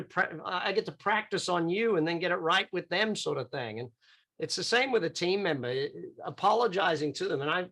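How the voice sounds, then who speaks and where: A man's voice: sits high, a bit bright. A middle-aged Australian man in a chatty, off-the-cuff live online coaching session, answering questions over a video call. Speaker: business coach.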